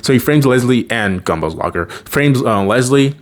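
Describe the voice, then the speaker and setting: A man's voice: mid-range voice, expressive, moderate pace. A man casually retelling a cartoon episode, laughing often and acting out the characters' lines. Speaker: episode recapper. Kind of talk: casual plot recap.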